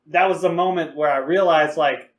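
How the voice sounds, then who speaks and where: High-voiced young man telling rowdy stories. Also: fairly even intonation, normal speed, echoey room, a loud crowd. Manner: profane, loose and laughing. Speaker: podcast co-host. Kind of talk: casual storytelling.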